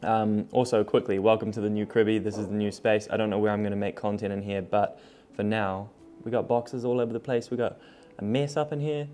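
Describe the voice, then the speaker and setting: A young man talks straight to camera from a room still full of moving boxes. His voice sits low and mellow, with little rise and fall. He keeps it relaxed and frank and swears freely. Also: a little fast, few pauses, faint music behind. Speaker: vlogger. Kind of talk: casual talk to camera.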